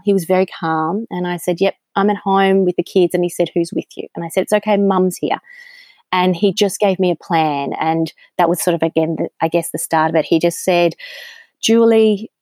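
An Australian woman, appearing as an interview guest, tells her story candidly with frequent ums in a conversational interview. Her voice is lowish and mellow, and the recording is dry.

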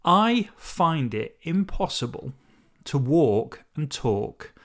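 A man's voice: on the high side, sing-song, slow pace. A man hosting a casual solo podcast, talking in a rambling, chatty way and often correcting himself mid-sentence. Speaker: podcast host.

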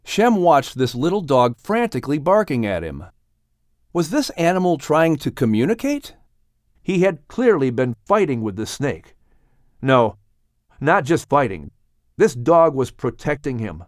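A man narrating a dramatic audiobook story on a studio mic in an expressive, unhurried way. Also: on the high side, dry recording.

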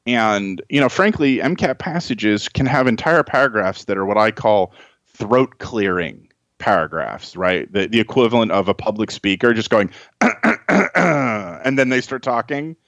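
A man's voice: fairly low pitch, expressive, normal speed, fairly bright tone, dry recording. A man as a guest tutor on a podcast, explaining study advice in a conversational way with many restarts.

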